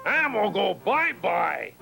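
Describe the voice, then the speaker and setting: Wild stubborn baby monster, squeaky high, shouts short broken words real slow. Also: male voice, very animated, vocal fry, faint music behind, heavily acted. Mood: excited. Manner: shouts short choppy phrases, drawn out. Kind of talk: storybook character voice.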